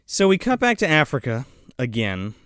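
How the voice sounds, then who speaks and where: A podcast co-host rambles through a movie recap, swearing freely and trailing off into fillers. The pitch moves in a lively way, and the recording is dry and close. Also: moderate pace, clean tone, dry recording. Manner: rambling, profane, full of fillers and acted-out quotes. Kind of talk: casual movie recap chat.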